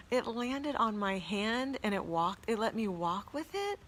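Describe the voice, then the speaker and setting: Earnest and full of reverent awe, a woman leads a spiritual live stream, recounting a personal experience and reading out comments from her viewers. She speaks in a mid-range, slightly bright voice.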